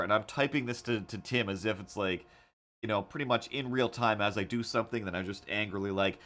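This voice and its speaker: A man hosting a casual livestream while he draws, rambling through animated stories with lots of fillers and restarts. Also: lowish voice, normal speed. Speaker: livestream host.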